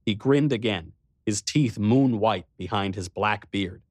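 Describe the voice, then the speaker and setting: A man reading a first-person adventure story aloud with expressive storytelling. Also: on the low side, unhurried, dry recording, clean studio sound. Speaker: narrator. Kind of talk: first-person audiobook narration.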